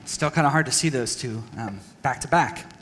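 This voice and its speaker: A man's voice: mid-range voice, moderate pace, a bit bright, a little hiss or hum. A man from Texas speaking to a church audience, candid and self-deprecating, with many fillers and restarts. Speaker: speaker at a church parenting session. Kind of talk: personal talk to an audience. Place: church hall. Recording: long hall reverb.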